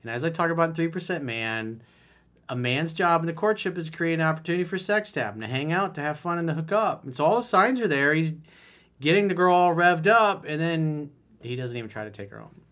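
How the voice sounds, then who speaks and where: A man's voice: a little high, lively intonation, brisk, fairly bright tone. Blunt, emphatic man giving dating advice. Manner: emphatic, blunt, conversational, reads out listener messages. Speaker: dating coach. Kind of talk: solo advice monologue.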